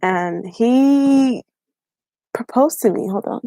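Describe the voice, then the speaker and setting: Young woman from Haiti, YouTube vlogger, slow chatty delivery, dry close recording. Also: on the high side, warm tone, dry recording. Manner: slow, chatty storytelling with fillers and laughs. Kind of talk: casual live-stream chat.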